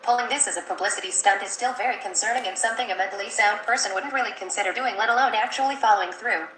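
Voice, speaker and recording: A woman's voice: mid-range voice, racing, a bit bright, a little hiss or hum. Woman reading comments in an echoey room. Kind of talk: reading viewer comments aloud.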